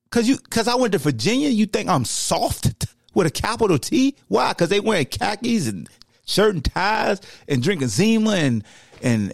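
With a high voice and vocal fry, a man rants heatedly on his sports podcast in animated, slangy, casual talk. The sound is clean studio quality with no echo.

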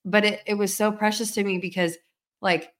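A woman's voice: medium pitch, steady tone, normal speed, a bit bright. A woman in her thirties telling a story in casual chat, chatty with many fillers. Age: 30s.

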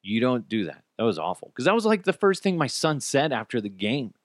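Man in his thirties, solo podcast host, exasperated profane ranter, lively pitch, dry close sound. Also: a little fast, dry recording. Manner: animated, profane, exasperated ranting. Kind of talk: casual solo podcast rant.

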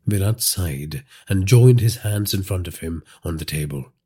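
A man with an Indian English accent narrates crime fiction in a measured, dramatic way. His voice is low, dark and husky, with a lively rise and fall. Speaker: podcast storyteller.

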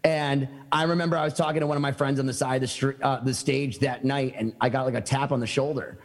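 A man's voice: mid-range voice, fairly even intonation, fast, in a large hall. A man telling stories as a podcast guest, eager and rambling, with many fillers and restarts. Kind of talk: casual storytelling chat.

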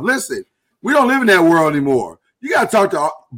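A man's voice: sits high, lively intonation, a bit bright. Earnest man hosting a live show. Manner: earnest, halting, with many restarts. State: holding back emotion. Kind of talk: casual live-stream talk.

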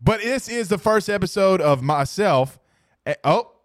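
A man co-hosting a casual sports podcast, excitable and animated, jumping between quick banter and self-corrections. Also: sits high, dry recording, studio quality. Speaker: podcast co-host.

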